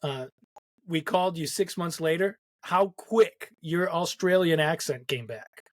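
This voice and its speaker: A man's voice: a little high, unhurried, dry recording. A young adult man hosting a casual interview, laughing often as he reminisces with an old mentor. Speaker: podcast host.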